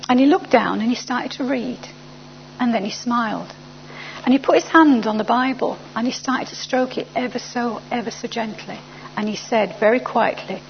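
Woman, personal storytelling, acts out dialogue, gravelly higher voice, dull lo-fi recording. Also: normal speed. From England. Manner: animated, acts out the other people's lines. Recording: dull lo-fi recording with faint hum.

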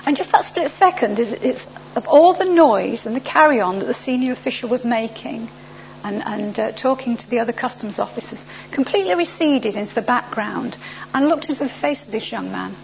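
A woman recounts her own story with lively, animated delivery, slipping into the voices of the people she met. Her higher voice has a gravelly, creaky edge. The recording sounds dull and lo-fi, with a faint hum underneath. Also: a little fast. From England. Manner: animated, acts out the other people's lines. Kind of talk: personal testimony storytelling.

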